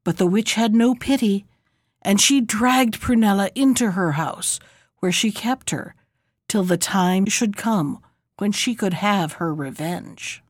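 A woman's voice: medium pitch, unhurried, no room sound, clean studio sound. Woman reading a fairy tale aloud. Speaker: storyteller. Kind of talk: storybook reading.

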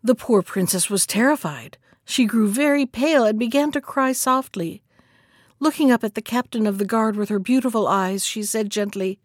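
A woman narrating a fairy tale in a calm, measured reading voice. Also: fairly high pitch, no echo, studio quality. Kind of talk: scripted storybook narration.

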